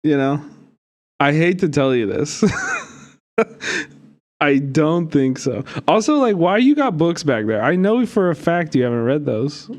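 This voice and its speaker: Animated cursing male streamer. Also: on the high side, measured pace, long pauses. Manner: animated, cursing, mocking, laughs often. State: hiccups. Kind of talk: casual live-stream commentary.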